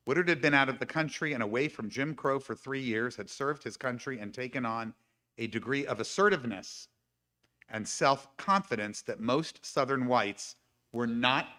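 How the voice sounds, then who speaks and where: A man speaking at a live-streamed congregation service, his voice bright and clear. He reads book passages aloud and breaks in with his own comments and small laughs. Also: mid-range voice. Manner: reads quoted passages with asides and light laughs. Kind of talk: reading aloud and commenting in a talk.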